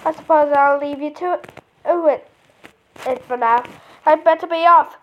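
A woman's voice: high voice, unhurried, slight background noise. A woman voicing a cheerful woman professor, reading game text aloud playfully. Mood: chatty.

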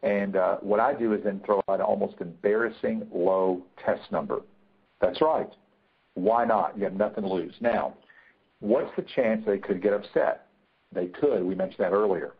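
A negotiation trainer runs a webinar in a lowish, slightly rough voice at normal speed. He's emphatic, repeats his key points, and uses many fillers, all heard over a tinny, phone-like line.

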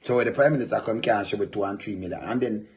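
A man with a somewhat low voice, talking in a loose, rambling way. He keeps checking in with his listener with quick questions as he goes. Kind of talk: casual commentary over a news article.

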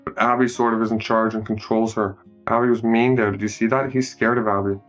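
A man's voice: fairly low pitch, little pitch movement, a little fast, soft background music. A man casually narrating a film scene by scene, joking and commenting as he goes. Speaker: movie recap narrator. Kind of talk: casual improvised movie narration.

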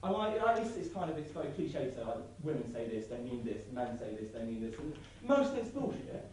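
A young man doing sardonic, rambling stand-up comedy at a student debating society, swearing freely and laughing at his own jokes, heard from a distance in an echoey hall over loud audience laughter. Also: medium pitch, sing-song, a little fast, a little hiss or hum. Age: young adult. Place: large hall with live audience.

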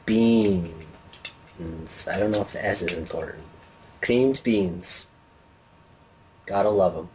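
A laid-back young man co-hosting a casual game chat, wry and relaxed. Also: sits low, unhurried, long pauses, slight background noise, rough recording. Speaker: co-host.

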